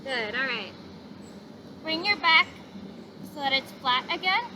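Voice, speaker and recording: High-voiced woman leading a yoga class. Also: expressive, measured pace, noisy background. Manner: gentle, encouraging, cueing breaths. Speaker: yoga instructor. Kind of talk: guided yoga class instruction. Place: outdoors in a park.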